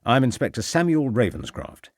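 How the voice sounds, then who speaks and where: A man's voice: mid-range voice, sing-song, moderate pace, no echo, clean studio sound, voice pushed up, natural voice. A man voicing a courteous, formal Victorian police inspector.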